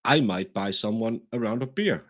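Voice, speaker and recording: A man with a Danish accent, talking through a case in a casual, animated, self-deprecating way, often restarting his sentences. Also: fairly low pitch, moderate pace. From Denmark. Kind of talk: casual true-crime discussion.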